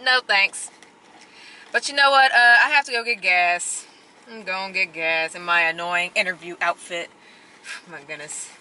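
Very bright-voiced young woman vlogging. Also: mid-range voice, normal speed, slight background noise, rough recording. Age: young adult. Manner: chatty and expressive, addresses viewers as y'all. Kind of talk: casual vlog talk to camera. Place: inside a car. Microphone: handheld camera.

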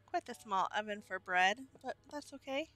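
A woman's voice: mid-range voice, expressive, moderate pace, pushed and bright. A young woman hosting a gaming channel, chatting casually as she plays and cheerfully greets her game customers. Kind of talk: casual gameplay commentary.

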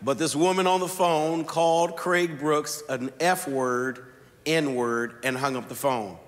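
A male pastor delivering a sermon in a slightly raised voice, drawing out key words as he tells a story. His voice carries through a large church sanctuary with a long, lingering reverb behind every phrase. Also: on the high side. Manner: storytelling preacher with slow, deliberate emphasis.

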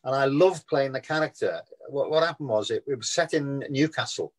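A man's voice: medium pitch, a little fast, rough recording. An older man with a Liverpool Scouse accent, an actor guest in a casual interview, telling chatty anecdotes and laughing at his own tales.

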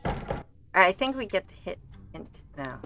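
A woman streamer thinking aloud while playing a game, chatty and given to quick exclamations. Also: fairly low pitch, sing-song, gravelly, sharp tone, slight background noise. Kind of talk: casual gameplay commentary.

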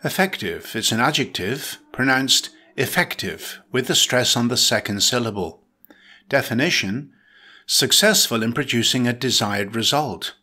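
A man reading a scripted vocabulary lesson, with clear and measured delivery. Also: medium pitch, pushed and bright. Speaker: vocabulary teacher. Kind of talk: scripted dictionary narration.

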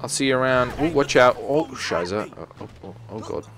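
A man's voice: mid-range voice, animated, normal speed, fairly bright tone, a little hiss or hum. A man giving comedic let's-play commentary as a gaming video host, joking crudely, swearing freely and chatting to the game's characters. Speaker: gaming YouTuber.

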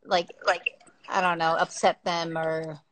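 A woman's voice: lowish voice, little pitch movement, slow pace, low-quality recording. A woman from the United States hosting a live video-call chat, talking in a gushing, enthusiastic way. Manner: gushing and enthusiastic, full of "like" fillers. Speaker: livestream host.

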